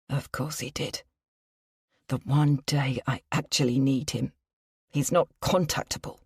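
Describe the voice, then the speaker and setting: A woman's voice: low-pitched, measured pace, darkish tone, breathy edge, no room sound, studio quality. A woman narrating a tense first-person story as an audiobook reader.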